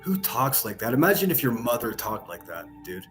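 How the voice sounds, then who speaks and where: A man's voice: medium pitch, big pitch swings, normal speed, fairly bright tone, soft background music. A man hosting a reaction commentary, mocking and sarcastic, with heavy profanity. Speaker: commentary channel host.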